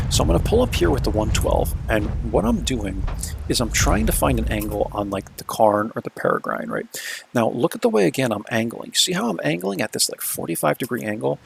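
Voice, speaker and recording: A man's voice: medium pitch, vocal fry, noisy background. A man casually talking through replays of his own games as the video's host, laid-back and chatty, often checking in with "right?".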